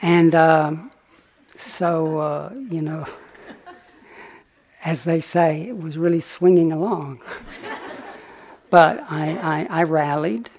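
A man giving a dharma talk as a meditation teacher, telling a story gently and unhurriedly, with pauses and small fillers. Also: fairly high pitch, fairly even intonation. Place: retreat center meditation hall.

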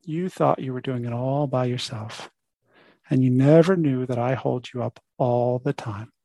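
A man voicing the vast great sea as a patient, kindly presence that gently questions a fish while he reads a story aloud. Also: a little high, moderate pace, creaky, no echo.

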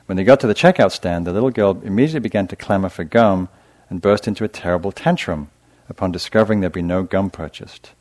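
Soft-spoken deep-voiced meditation teacher. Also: male voice, fast talker. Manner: gentle, soft-spoken, hesitant with fillers and restarts. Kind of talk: dharma talk to a live audience.

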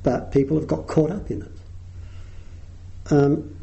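A man's voice: fairly high pitch, steady tone, slow pace, creaky, warm tone, lo-fi sound. A middle-aged man giving a dharma talk as a meditation teacher, telling wry anecdotes and chuckling at his own stories.

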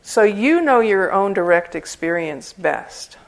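A woman's voice: medium pitch, expressive, measured pace, poor audio. A woman giving an informal dharma talk as a Buddhist meditation teacher, conversational and humorous, often breaking into laughter.

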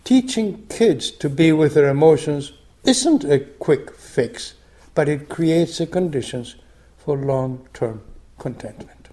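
An older meditation teacher gives a dharma talk in a mellow, fairly high voice. His pitch rises and falls a lot as he reads. He speaks slowly, and many phrases fade to a soft whisper. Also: lively intonation. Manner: soft, unhurried, phrase ends dropping to a whisper. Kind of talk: dharma talk, reading a story aloud.

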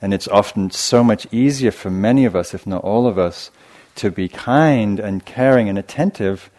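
A man with a very deep voice gives a dharma talk at a meditation retreat. He speaks gently and reflectively, telling stories and often pausing to restart a phrase. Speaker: meditation teacher.

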